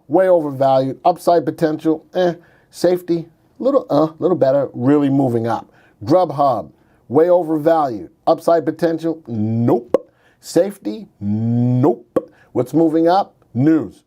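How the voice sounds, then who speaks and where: A man's voice: mid-range voice, warm tone. A man hosting a stock market show, talking casually through charts and cracking jokes with his co-host. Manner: wisecracking, slips into silly put-on voices.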